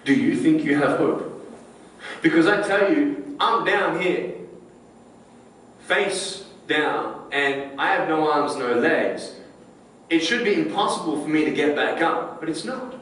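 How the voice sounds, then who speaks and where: A man's voice: fairly high pitch, expressive, measured pace, fairly bright tone, distant mic, slight background noise. A man giving a motivational talk to an audience, playful and joking, often asking the crowd questions. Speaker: motivational speaker. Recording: clip played in an echoey hall, heard from afar with music.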